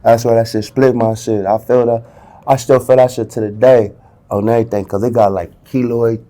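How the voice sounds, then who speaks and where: A man's voice: medium pitch, flat delivery, a little fast, mellow. A man in a casual interview, telling a story heavy with slang and acting out the dialogue himself. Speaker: interview guest.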